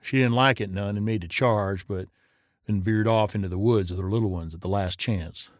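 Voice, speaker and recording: A man's voice: on the low side, normal speed, no echo, studio quality, natural voice. Terrified frontier boy with a rural Old West drawl, breathless and frantic, put on by a male narrator. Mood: shaken, rambling.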